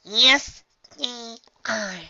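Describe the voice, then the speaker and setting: A reader voicing a spirited young unicorn filly, high and eager. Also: lively intonation, moderate pace, vocal fry, pushed and bright, dry recording, highs cut off, full character voice. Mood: frustrated.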